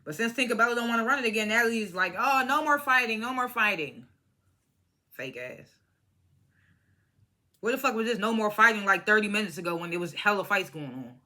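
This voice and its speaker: Talking at a quick pace, this young vlogger gives an expressive, casual reality show review in a pushed, bright, mid-range voice. She's blunt, swears freely, offers plenty of opinions, and does impressions of the cast members.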